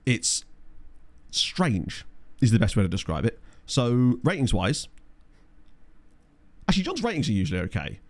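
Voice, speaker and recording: A man's voice: medium pitch, big pitch swings, normal speed, pauses often. A man with a chatty, jokey manner, live-streaming a management game and reading out stats while talking to chat.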